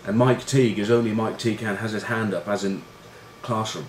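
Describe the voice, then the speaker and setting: A middle-aged former rugby player rambles through stories with plenty of swearing, fillers and self-mockery. His voice sits a bit low. The room is echoey, with a faint background hiss. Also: steady tone, a little fast. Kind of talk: casual storytelling. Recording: roomy room echo with faint noise.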